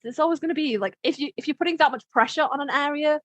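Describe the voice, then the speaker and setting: A woman's voice: sits high, fast talker, dry recording, highs cut off. A woman co-hosting a podcast in casual chat, blunt and self-deprecating, swearing freely. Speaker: podcast co-host and instructor.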